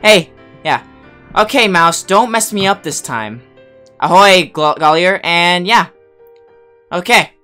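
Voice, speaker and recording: A man hosting a casual gaming livestream on a headset mic, excitable and swearing, flipping between mock rage and cheerful chat. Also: a little high, clear, resonant tone. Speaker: streamer host.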